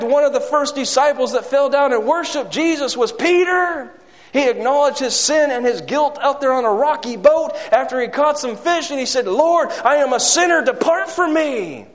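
A man with a high voice preaches a sermon, swinging between hushed, low quoted words and raised, urgent passages. He throws rhetorical questions out to his listeners. His voice rings with a long reverb, as in a large hall.

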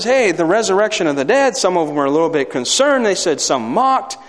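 A man preaching a sermon to a congregation, swinging from loud emphatic peaks to quiet asides and asking the listeners for amens. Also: high voice, big pitch swings, brisk, few pauses. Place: hall or church. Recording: long hall reverb.

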